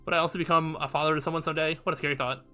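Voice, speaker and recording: Bright-voiced man reading a game aloud. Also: fairly high pitch, steady tone, very fast, faint music behind. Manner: casual, hesitant with fillers. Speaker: let's play host. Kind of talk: reading a visual novel aloud.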